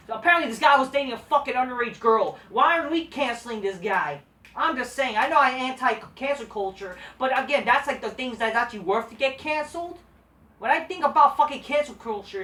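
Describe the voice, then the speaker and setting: A woman's voice: on the high side, a bit bright. A woman giving a profane, sarcastic rant as a wrestling show reviewer. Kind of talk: ranting video review. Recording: roomy, distant from the mic.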